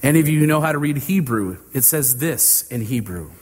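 A man preaching a sermon, slow and deliberate, with dramatic pauses between phrases. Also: mid-range voice, expressive, in a large hall, a little hiss or hum.

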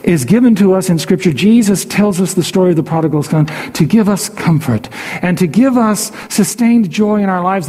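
A man's voice: sits high, lively intonation, normal speed, warm tone, big-room sound. A man preaching a sermon as pastor, emphatic and repeating key phrases for stress, his voice rising and falling widely.

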